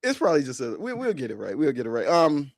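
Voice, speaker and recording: Man, podcast host, casual chat, lively storytelling voice, slightly high, dry sound. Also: quick pace, dry recording. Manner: animated storyteller, laughs a lot.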